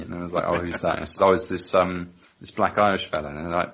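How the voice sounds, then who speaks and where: An English man co-hosting a football podcast, excitable, swearing and laughing in casual chat. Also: deep voice, quick pace. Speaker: podcast co-host. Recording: dull lo-fi audio.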